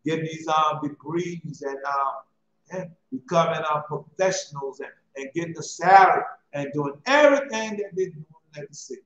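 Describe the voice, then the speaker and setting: A man's voice: a little high, roomy sound, highs cut off, slight background noise. A man preaching, reading scripture aloud and commenting on it in a loose, repetitive way.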